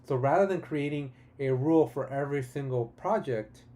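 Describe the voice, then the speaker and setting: Man, mellow dark voice, live-stream tutorial host, casual, enthusiastic, frequent restarts. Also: mid-range voice, normal speed.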